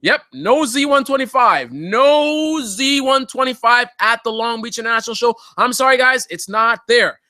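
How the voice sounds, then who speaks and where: A man's voice: very high voice, animated, normal speed, hardly any pauses, sharp tone, no room sound, clean studio sound. A man hosting a live motorcycle channel update, talking casually in a joking, rambling way with lots of fillers.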